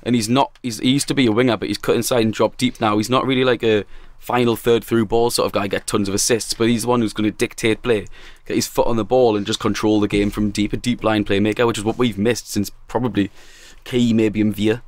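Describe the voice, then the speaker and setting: A man's voice: fairly low pitch, steady tone, no room sound. A man co-hosting a casual football podcast in a studio, blunt and sweary. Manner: quick, blunt, sweary banter. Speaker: podcast co-host.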